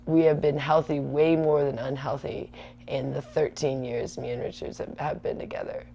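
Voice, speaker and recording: A woman's voice: sits low, gravelly, a little mellow. A woman in her thirties hosting a livestream, rambling chattily and answering viewer comments. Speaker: livestream host. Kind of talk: casual rambling livestream chat.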